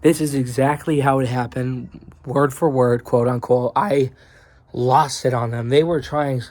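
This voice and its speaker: A man's voice: mid-range voice, fairly even intonation, measured pace, a little mellow, dry recording. A young man telling an angry, rambling story in a casual vlog, heavy with swearing and fillers. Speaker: vlogger.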